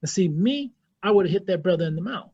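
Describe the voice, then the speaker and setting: A man's voice: high voice, lively intonation, quick pace, warm tone, breathy edge, highs cut off. A man with an American accent, a guest Islamic scholar speaking in an impassioned, blunt way and repeating himself for emphasis. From United States. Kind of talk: impassioned interview talk.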